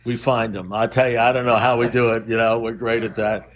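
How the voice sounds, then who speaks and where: A man's voice: mid-range voice, level tone, a little fast. An older man speaking at a recovery meeting, telling rambling stories in a wry, blunt manner.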